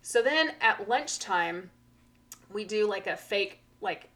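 A teacher co-hosting a podcast chats casually in a medium-pitched voice, taking her time. She tells stories with lively animation, acting out the voices of children.

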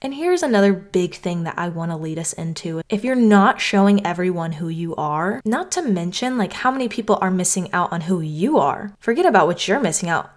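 Earnest woman podcaster, lowish voice. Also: lively intonation, fairly quick, hardly any pauses. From North Carolina. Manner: earnest, conversational, heavy use of "like". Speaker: podcast host. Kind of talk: reflective solo podcast talk.

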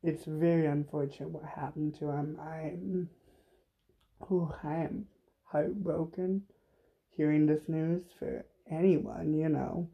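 A man hosting a podcast alone, speaking slowly and haltingly with lots of pauses and fillers. His voice has a gravelly edge and sounds close to tears. The recording is a bit dull and lo-fi. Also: fairly high pitch, steady tone. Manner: halting, many fillers, emotional and apologetic. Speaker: podcast host. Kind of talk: unplanned solo podcast talk.

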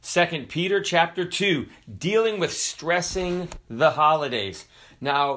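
A middle-aged man preaching a sermon on a podcast, slowly and deliberately, stressing key words and reading Bible verses. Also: on the high side, a bit bright. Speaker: pastor.

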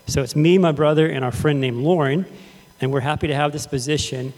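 Texan-raised pastor in a reverberant hall. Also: male voice, fairly high pitch, a little fast, darkish tone. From Texas. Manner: casual, conversational, addresses the congregation directly. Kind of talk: sermon with storytelling. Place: church sanctuary.

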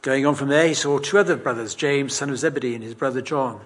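A man's voice: mid-range voice, fast talker. A man preaching a sermon in a conversational, emphatic, self-deprecating way.

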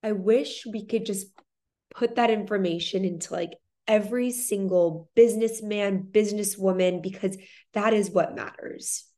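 A woman's voice: medium pitch, moderate pace, mellow. A young adult woman hosting an interview, effusive and openly emotional in her reactions. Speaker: podcast host.

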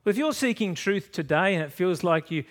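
Aussie pastor preaching, storytelling, goes loud then drops quiet, voice a bit high. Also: male voice, a little fast. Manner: lively storytelling, swings from loud to soft. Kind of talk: sermon.

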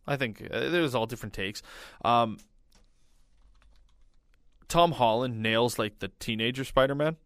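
A man's voice: mid-range voice, measured pace, pauses often, a bit bright, smooth, no room sound, studio quality. A man co-hosting a casual podcast, rambling with lots of "like" fillers. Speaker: podcast co-host. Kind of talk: casual chat.

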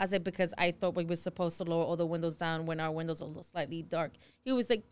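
A woman co-hosting a podcast in casual chat, telling stories in an animated, blunt and profane way. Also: lowish voice, brisk, few pauses, clean tone, no echo. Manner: animated storyteller, acts out both sides of a quarrel. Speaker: podcast co-host.

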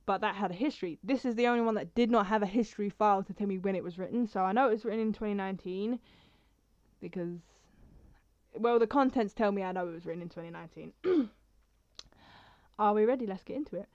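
A woman's voice: medium pitch, a little fast, long pauses, darkish tone, no room sound, muffled recording. A woman vlogging casually in a chatty, rambling way, with apologetic asides, and reading her own poems aloud. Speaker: poetry vlogger.

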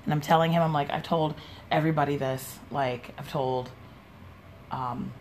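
A young woman with a low voice hosts her own podcast, telling a long personal story in a rambling, casual way. She swears freely and acts out what other people said. A faint hiss of background noise sits under her voice. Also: fairly even intonation, normal speed. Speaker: podcast host. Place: home, sipping a drink while recording.

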